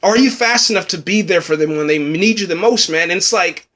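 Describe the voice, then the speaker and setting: A man talks through a TV episode in a loose, rambling way, circling back on his words and tacking "man" onto his sentences. His voice sits a bit high for a man, and he is choked up and close to tears. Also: fairly quick, fairly bright tone. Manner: rambling, says "man" a lot, restarts. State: tearful, choked up. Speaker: TV episode reviewer. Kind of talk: emotional casual review.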